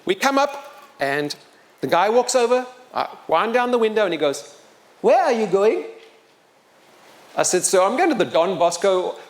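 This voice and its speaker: A man's voice: sits high, moderate pace. A man telling a story live to an audience, acting out the people in it. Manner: animated, acts out the people in his story. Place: open-air pavilion.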